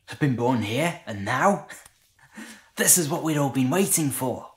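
A man's voice: medium pitch, lightly acted. An actor playing a humble male shepherd recalling a night by the fire, in a conversational, hesitant, marvelling way. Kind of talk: dramatic monologue.

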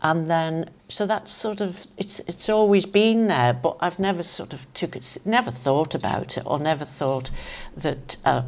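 An older woman with a Manx accent recounts old memories in a chatty, storytelling way. Her voice sits low. She talks in loose, lively asides, like a guest chatting easily. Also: measured pace. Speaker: interview guest. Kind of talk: casual reminiscing anecdotes.

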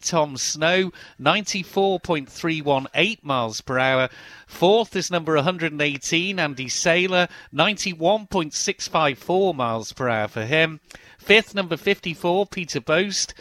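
A man working as a race commentator reads out the practice times in a measured way, rider by rider. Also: a little high, a bit bright. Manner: measured, listing names and speeds. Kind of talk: reading practice results.

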